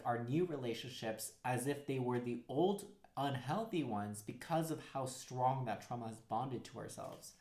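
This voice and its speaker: A man's voice: mid-range voice, roomy sound. Rambling man giving a tarot reading. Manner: rambling, heavy use of "like", acts out quotes. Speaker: tarot reader. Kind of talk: casual tarot card reading.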